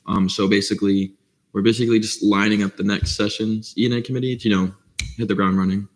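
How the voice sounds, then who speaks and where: A young man stumbles through a committee report with many fillers and restarts. His voice sits low and stays flat in tone. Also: quick pace, poor audio. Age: young adult. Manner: hesitant, filler-heavy, rambling. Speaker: committee chair.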